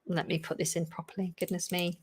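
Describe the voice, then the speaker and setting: A woman is teaching English on a live stream, reading out viewers' questions from the chat. She answers them in a loose, chatty way, with fillers and quick asides along the way. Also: fairly low pitch, flat delivery, breathy edge.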